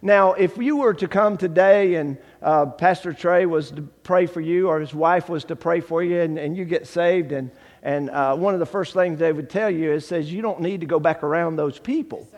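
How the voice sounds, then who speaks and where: A man giving a testimony sermon, acting out the dialogue in his story and swinging from hushed to shouting. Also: fairly high pitch, moderate pace, hardly any pauses, big-room sound. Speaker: guest preacher giving testimony.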